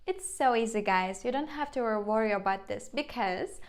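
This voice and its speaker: A young woman with a Turkish accent teaching a beginner language lesson, saying each word slowly and repeating it twice. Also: fairly high pitch.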